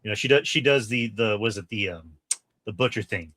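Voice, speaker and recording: A podcast co-host with a lowish voice talks fairly quickly in a dry recording. He chats casually about a horror film, swearing a lot and animatedly acting out lines from it.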